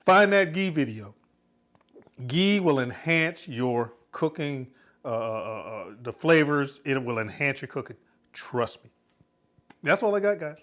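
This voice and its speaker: A middle-aged man chats loosely through his home cooking vlog, joking and laughing between thoughts. His voice sits slightly high for a man. He sounds easygoing and unhurried. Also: expressive, fairly bright tone. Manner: laid-back, jokey, laughs often. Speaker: cooking channel host. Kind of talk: casual cooking vlog chat.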